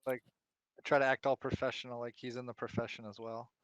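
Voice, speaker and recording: A man playing a tabletop game, hesitant and full of likes, trailing off quietly. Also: mid-range voice, flat delivery, fast talker, lo-fi sound. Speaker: player. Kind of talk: casual tabletop play.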